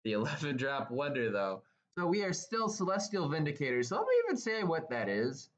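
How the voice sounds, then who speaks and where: A man's voice: on the high side, huge pitch swings, fairly quick. Guy nerding out over his wargame army, keeps tripping on his words, kinda muffled lo-fi audio. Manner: enthusiastic, stumbling over words. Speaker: tabletop wargaming instructor. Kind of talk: excited casual explanation. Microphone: camera held by helper, moving about.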